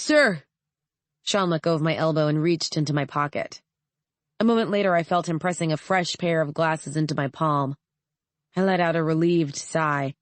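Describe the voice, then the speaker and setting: A woman narrating a first-person audiobook in an even, measured way. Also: lowish voice, no room sound.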